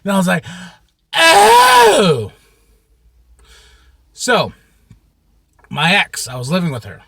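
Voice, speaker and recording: A man telling a rambling story to camera in a casual, profane way, with sudden shouts and many repeats. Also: on the high side, animated, fast, gravelly, heavy background noise. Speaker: vlogger.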